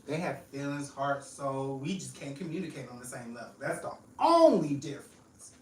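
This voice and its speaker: A woman's voice: very deep voice, animated, moderate pace. A woman chatting casually as a podcast guest, blunt and joking, laughing often. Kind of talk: casual chat. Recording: echoey room, mic at a distance.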